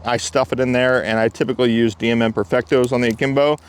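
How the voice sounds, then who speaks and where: A man's voice: mid-range voice, fairly even intonation, fast talker, clear, resonant tone. A man hosting a casual gear review, explaining climbing equipment in a chatty, step-by-step way.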